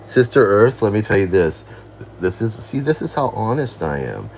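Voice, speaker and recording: A man's voice: lowish voice, big pitch swings, moderate pace, a little mellow, slight background noise. A man in casual rambling commentary, laughing and accusatory as he goes over an online feud.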